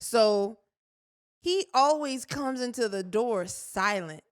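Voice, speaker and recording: A woman co-hosting a podcast, telling a story in a lively way and acting out her own reactions. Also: fairly high pitch, takes it slowly, clean tone. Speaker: podcast co-host. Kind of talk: casual chat.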